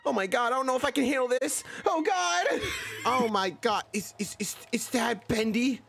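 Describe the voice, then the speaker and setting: A young man streaming a horror game, joking and reacting loudly. He swings between mumbled asides and excited shouts. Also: extremely high pitch, moderate pace, vocal fry, slight background noise. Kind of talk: energetic gaming commentary.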